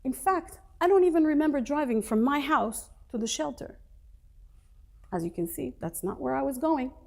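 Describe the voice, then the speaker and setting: A woman voicing a desperate forty-something woman speaking softly and earnestly. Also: high-pitched, expressive, moderate pace, gravelly. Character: desperate woman in her forties, quietly pleading.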